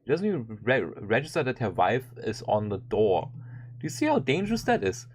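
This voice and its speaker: A man streaming and commenting casually on a video, animated and swearing often, with frequent restarts. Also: medium pitch, a little fast, slight background noise.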